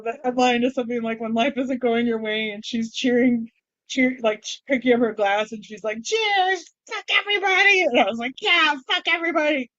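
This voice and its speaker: A middle-aged woman talks candidly in a casual vlog, rambling with wry, self-deprecating humor. Her voice sits a little high, and the recording is dull and dry. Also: no echo. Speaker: vlogger.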